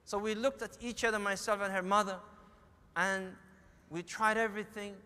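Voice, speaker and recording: A man's voice: high-pitched, level tone, normal speed, sharp tone, smooth. A middle-aged man with a Somali accent giving a sermon, telling a family story and acting out the dialogue. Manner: storytelling, acts out quoted dialogue. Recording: echoey hall.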